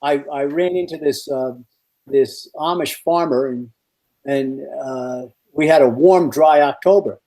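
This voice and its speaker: A man on a podcast spins long, rambling weather stories, stumbling through restarts and bursting with energy. His voice sits a touch high and has a mellow, relaxed tone. He talks as a meteorologist sharing anecdotes. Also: unhurried. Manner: rambling and animated, many restarts. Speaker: guest meteorologist. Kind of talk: casual podcast storytelling.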